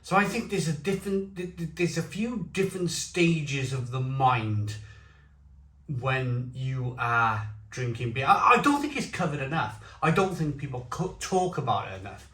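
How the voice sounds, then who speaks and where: Chatty man, bright voice. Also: medium pitch, lively intonation, moderate pace. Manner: chatty and rambling, with stammered restarts. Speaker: beer reviewer. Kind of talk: casual tasting chat to camera. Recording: echoey room.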